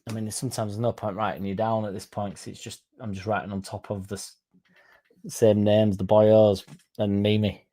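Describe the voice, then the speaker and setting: A man's voice: on the low side, level tone, normal speed, warm tone. A young man hosting a casual livestream, reading out comments and going off on sweary, rambling tangents. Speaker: fan channel livestream host.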